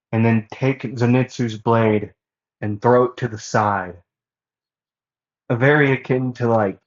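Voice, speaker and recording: A man casually narrating a fan-made story, rambling with many fillers and self-corrections, on a dull lo-fi recording. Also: on the low side.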